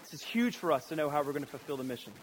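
A male pastor delivering a sermon in a fairly high voice. He is animated and slips into character voices as he tells the story. Faint noise sits under the recording. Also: very fast, rough recording. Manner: animated, acts out voices of biblical figures.

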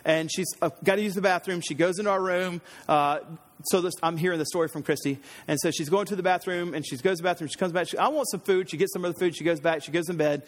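Guy pastor preaching, pretty high voice, lively storytelling, big echoey hall. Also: fast. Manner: animated storytelling, acts out voices. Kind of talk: sermon with personal story. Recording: long hall reverb.

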